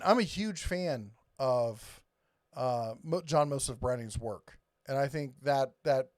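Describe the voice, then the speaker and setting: A man's voice: medium pitch, dry recording, studio quality. A man hosting a casual live stream, rambling and reading viewer comments aloud. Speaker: host.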